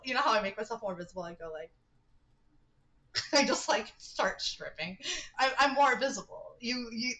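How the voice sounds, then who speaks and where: A woman's voice: medium pitch, pushed and bright, low-quality recording. A young woman livestreaming a dating game, reading its text aloud with giggly, chatty asides. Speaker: streamer.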